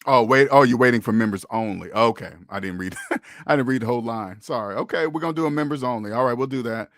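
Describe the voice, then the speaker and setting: A man's voice: mid-range voice, quick pace, fairly bright tone, no echo, clean studio sound. A man hosting a casual livestream, talking to viewers in an emphatic, preachy way and repeating his points. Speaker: host of a personal finance livestream.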